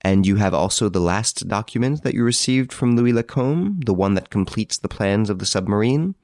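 A man voicing a suave gentleman thief in an audiobook, cool, ironic and commanding. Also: on the low side, lively intonation, moderate pace, no room sound, clean studio sound, pitched above the performer's own voice, natural voice.

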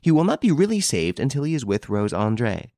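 A man reading an audiobook, voicing an astonished young woman in high, breathless exclamations. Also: big pitch swings, fairly quick, dark tone, no room sound, studio quality. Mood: pleading.

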